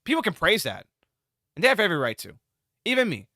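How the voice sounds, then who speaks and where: A man's voice: high voice, huge pitch swings, fast, sharp tone, no echo. A man giving a casual spoken movie review, rambling and exasperated, with frequent restarts and repeated phrases.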